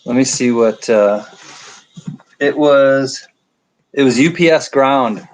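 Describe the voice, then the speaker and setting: Speaking slowly in a mid-range voice, a middle-aged man with a nasal upstate New York accent hosts a laid-back livestream from home at night. He rambles and jokes as he reads chat, adding self-deprecating asides, and the recording is rough.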